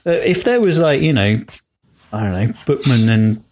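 Rambling and hesitant, a male podcast co-host chats casually, full of fillers and false starts. His medium-pitched voice is expressive and slightly dark, moving at a moderate pace.

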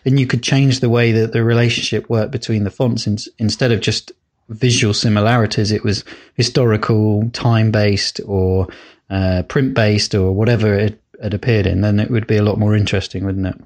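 A man's voice: lowish voice, fairly even intonation, moderate pace, a little mellow. Rambling man chatting on a podcast. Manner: rambling, hesitant, many fillers. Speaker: podcast co-host. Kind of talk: casual chat.

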